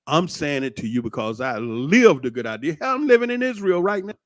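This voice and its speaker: A middle-aged man, talking in a casual, preachy monologue that is animated and full of swearing. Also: a little high, fairly quick, no room sound. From United States. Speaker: commentator.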